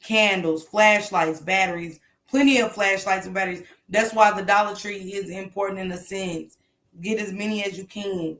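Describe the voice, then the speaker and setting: A woman's voice: mid-range voice, fairly even intonation, normal speed, fairly bright tone, reverberant. A woman hosting a casual morning commentary show, talking bluntly and emphatically with plenty of swearing.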